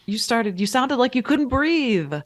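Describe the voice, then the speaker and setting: A woman's voice: a little high, expressive, a little slow, no echo, clean studio sound. A woman playing a tabletop role-playing game, teasing and indignant as she speaks in character. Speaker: player.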